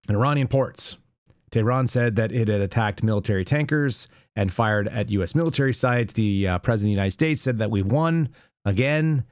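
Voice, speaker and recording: A man's voice: lowish voice, brisk, no echo, clean studio sound. A man hosting a live news commentary show, reading headlines aloud and mocking them with sarcastic asides and chuckles. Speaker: show host.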